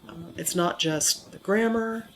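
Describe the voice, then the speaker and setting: A speaker in the middle pitch range who explains things in a measured, teacherly way during an interview. A recent cold leaves the voice sounding a little monotone. There is faint noise behind the voice. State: recovering from a cold, somewhat monotone. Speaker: accent modification instructor.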